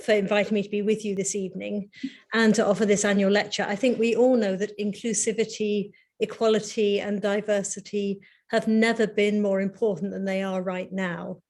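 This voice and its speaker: A middle-aged woman, an Anglican priest, delivering a prepared lecture in a measured, reflective way, with rhetorical questions. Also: mid-range voice, little pitch movement, a little mellow.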